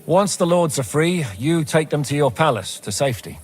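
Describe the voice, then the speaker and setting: A man's voice: on the high side, lively intonation, moderate pace, breathy edge. An actor playing a decisive male mercenary captain giving orders in a game cutscene.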